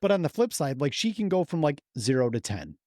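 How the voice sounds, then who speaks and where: A man's voice: on the high side, very animated, darkish tone, no room sound, clean studio sound. A man in his forties co-hosting a podcast, chatting casually, swearing often and working himself up into heated rants. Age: 40s. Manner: profane, heated ranting, quick to laugh. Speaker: podcast co-host.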